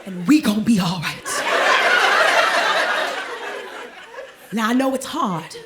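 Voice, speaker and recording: A woman voicing a calm, motherly female mentor who speaks slowly, firmly and reassuringly. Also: mid-range voice, natural voice. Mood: soothing. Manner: slow, firm, reassuring. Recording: echoey live club, loud background noise.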